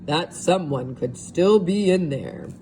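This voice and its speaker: A woman voicing a big, gruff father bear with a loud, growling voice. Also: fairly low pitch, slow. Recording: steady background hiss.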